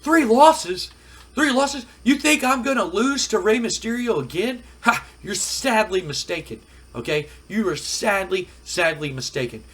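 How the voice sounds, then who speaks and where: A man doing a high, loud impression of a boastful, whiny wrestler in a wrestling video game playthrough. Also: expressive, a little slow, long pauses, heavily acted. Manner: loud, high-pitched and pleading.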